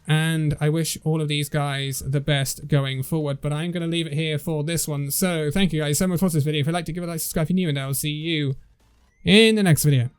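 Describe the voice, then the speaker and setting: A man's voice: on the high side, fairly even intonation, brisk, clear, resonant tone. A man hosting a casual esports news roundup, chatty and tripping over player names as he reads through the list.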